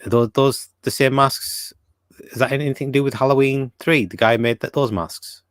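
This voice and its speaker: A man's voice: medium pitch, steady tone, moderate pace, clean tone, no room sound. A man hosting a casual podcast, reading viewer comments aloud and talking with many fillers and restarts. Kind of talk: casual chat.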